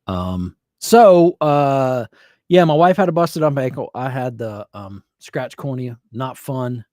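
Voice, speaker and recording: A man's voice: medium pitch, expressive, takes it slowly, darkish tone, no room sound. A middle-aged man hosting a live music stream from his home studio, chatting in a loose, rambling way with lots of fillers. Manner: rambling, easygoing, often trails off with fillers. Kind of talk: casual live-stream chat.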